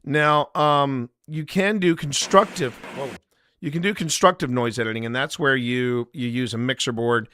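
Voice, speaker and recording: A man's voice: medium pitch, moderate pace, pushed and bright, a little hiss or hum. A man hosting a live stream, explaining his editing method in a rambling, jokey way and talking straight to the chat. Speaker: paranormal investigator and live stream host.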